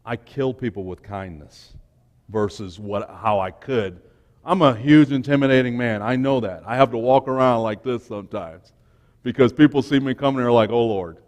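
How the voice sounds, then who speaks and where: A man giving an informal, emotional sermon to young people, swinging between quiet and loud. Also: medium pitch, moderate pace. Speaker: speaker at a church youth talk. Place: church hall. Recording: long church hall reverb.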